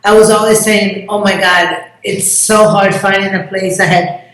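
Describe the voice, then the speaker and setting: An effusive woman chats as an interview guest, acting out bits of conversation. Her voice sits at an ordinary middle pitch. The room rings with heavy echo. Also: fairly even intonation, normal speed, fairly bright tone. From Brazil. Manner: effusive, acts out quoted dialogue. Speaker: contest promoter, interview guest. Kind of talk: casual interview chat. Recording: very echoey room.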